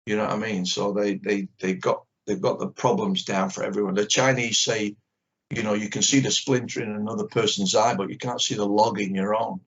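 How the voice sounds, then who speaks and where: An older man who teaches karate speaks as an interview guest over a video call, blunt and full of strong opinions, and he acts out little exchanges as he goes. His voice sits lowish, with a level tone and a fairly quick pace. It's a candid conversation, and the video call audio sounds dull and lo-fi.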